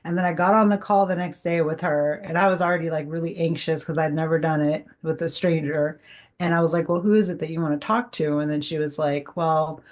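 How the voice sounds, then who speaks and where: A middle-aged woman, a guest medium, telling an animated personal story in casual chat and acting out the dialogue. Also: low voice, fairly quick. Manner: animated, heavy use of "like", acts out quoted dialogue.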